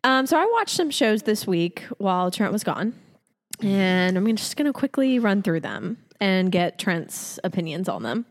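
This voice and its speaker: A woman's voice: medium pitch, big pitch swings, unhurried, long reverb tail. A woman co-hosting a podcast in casual chat, talking in a chatty and opinionated way with plenty of fillers. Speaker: podcast co-host.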